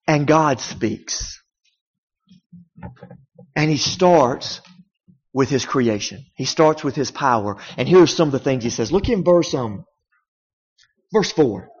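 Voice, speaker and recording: Man, pastor, sermon, emphatic and conversational, slightly high voice, muffled sound. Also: animated, measured pace, pauses often, husky. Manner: emphatic, conversational preaching with rhetorical questions. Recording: dull sound in a reverberant hall.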